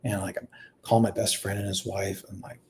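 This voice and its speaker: There's slight background noise as a man in his thirties, his voice sitting low and a little fast, tells a personal story casually. He rambles, restarts, and uses many fillers, moving between quiet and animated delivery.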